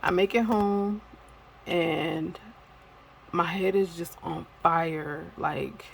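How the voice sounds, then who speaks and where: Candid, rambling woman with a gravelly voice. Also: fairly low pitch, fairly even intonation, drawn-out words, a little hiss or hum, low-quality recording. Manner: candid, rambling with many fillers. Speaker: vlogger. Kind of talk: casual personal storytelling.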